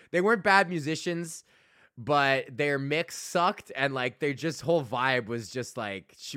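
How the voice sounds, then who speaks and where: A man's voice: fairly high pitch, sharp tone, dry recording, clean studio sound. A young man hosting a podcast, ranting casually with constant swearing, rambling asides and frequent laughter. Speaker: podcast host. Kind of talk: profane casual rant.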